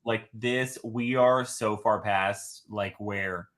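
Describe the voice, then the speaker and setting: A man's voice: fairly low pitch, fairly even intonation, slow, a bit bright. A man appearing as a guest on a casual reaction stream, exasperated and stammering as he talks.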